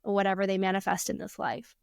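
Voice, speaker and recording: A woman's voice: mid-range voice, completely flat delivery, brisk, vocal fry, clean tone, dry recording, clean studio sound. A woman in her thirties, a coach and podcast guest, earnestly telling parenting stories and acting out her children's lines. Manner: earnest, storytelling, acts out her kids' lines. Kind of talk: casual interview talk.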